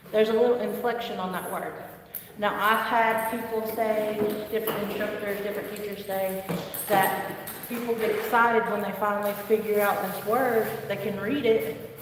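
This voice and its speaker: A woman teaching a live online language lesson, patiently repeating words slowly for her students to drill, with chatty asides. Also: mid-range voice, steady tone. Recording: echoey distant room with noise.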